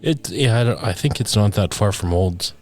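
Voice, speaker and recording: Low-voiced man, hesitant stream co-host. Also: expressive, normal speed, soft background music. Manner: hesitant, repeats words as he starts. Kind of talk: casual let's-play chat.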